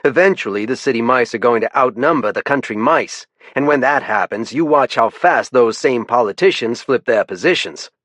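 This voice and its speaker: A man voicing a cynical older game warden with a gruff, folksy way of talking. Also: mid-range voice, animated, moderate pace, hardly any pauses, fairly bright tone, dry recording, pitched above the performer's own voice. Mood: wry.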